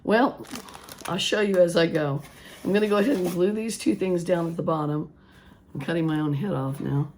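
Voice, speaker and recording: A woman with a hoarse voice, rambling casually as she works on a craft project and later preaching earnestly. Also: on the low side, normal speed, darkish tone, a little hiss or hum. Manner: rambling, thinking aloud with restarts; earnest preaching about faith. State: hoarse, voice still gone after illness. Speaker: craft vlogger. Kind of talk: casual craft vlog talk.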